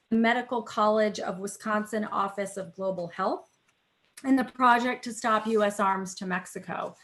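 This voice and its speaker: A woman moderating an online panel over a video call. She speaks in a measured, semi-formal way at a middle pitch and now and then fills a pause with "um" or "uh". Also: a bit bright. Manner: measured, semi-formal opening remarks with some fillers. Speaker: think tank vice president hosting a webinar.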